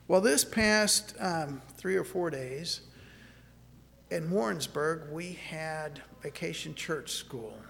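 A man preaching a sermon, moving from scripture into a personal story, earnest and halting, often repeating words as he restarts. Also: on the high side, creaky, fairly bright tone, in a large hall.

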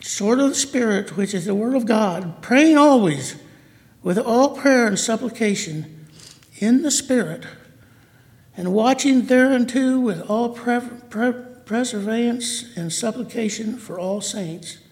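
A man's voice: very high-pitched, lively intonation, measured pace. A man giving an emotional, emphatic sermon to a small congregation in a church hall. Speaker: church speaker. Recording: hall reverb.

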